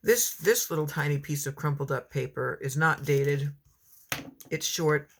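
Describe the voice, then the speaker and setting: Middle-aged woman poet, casual and rambling, reads her verse slowly and softly at home. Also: sits low, fairly even intonation, husky. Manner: chatty and rambling between poems, reads slowly and tenderly. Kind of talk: casual chat and reading her own poems aloud.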